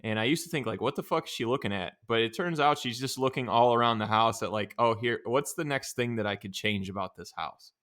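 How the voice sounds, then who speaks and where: A young man co-hosts a casual podcast, talking in a laid-back, rambling way and swearing freely. His voice sits in a middle pitch, and he tells his stories at an easy pace. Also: brisk, hardly any pauses, fairly bright tone. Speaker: podcast co-host. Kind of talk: casual chat.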